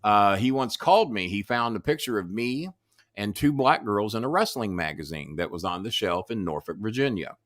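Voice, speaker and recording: A man's voice: fairly low pitch, animated, normal speed, a bit bright, dry recording, studio quality. An older man from the Southern United States, a guest telling stories in a blunt, profane, casual way. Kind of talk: casual storytelling chat.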